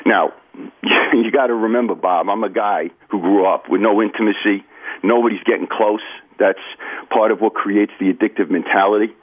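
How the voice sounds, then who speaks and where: A man's voice: fairly low pitch, moderate pace. A man, telling his recovery story in an earnest, confiding way during a radio interview. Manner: earnest, confiding, addresses host by name. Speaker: author and recovery guest. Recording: phone-line audio.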